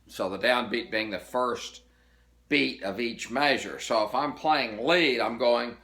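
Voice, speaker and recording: A man teaching banjo in a slow, halting, casual way, pausing to count out roll patterns. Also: medium pitch, sharp tone. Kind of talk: casual instructional talk. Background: banjo playing.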